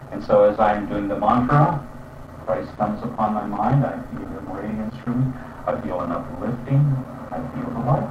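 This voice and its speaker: A man teaching about spiritual practice in an earnest, explanatory way, often checking in with "you see?". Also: fairly low pitch. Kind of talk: spiritual teaching with chant demonstrations. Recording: roomy, distant, dull sound with faint traffic.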